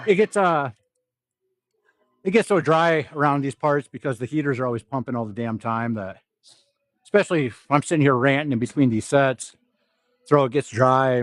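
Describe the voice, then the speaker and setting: Streaming from an indoor gym, a young South Dakota fitness vlogger chats in a medium-pitched voice that's nasal from a stuffy nose. He swears, rambles and laughs a lot, with no room sound in the audio.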